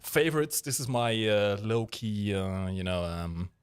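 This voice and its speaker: A man's voice: on the low side, expressive, measured pace, clean tone. A man co-hosting a game stream, chatting casually and explaining with many fillers. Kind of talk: casual gameplay commentary.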